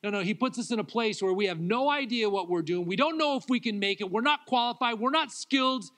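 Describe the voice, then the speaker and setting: Male pastor, young adult, high and bright, sermon with loud pleas and soft asides. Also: quick pace. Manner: swings between loud acted-out pleas and quiet confiding talk, laughs often.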